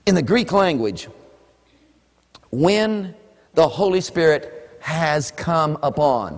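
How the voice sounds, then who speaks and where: Preacher guy going from hushed to shouting, high voice that jumps all over, big hall echo. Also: slow pace. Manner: animated, swings from hushed asides to shouted emphasis. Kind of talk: sermon.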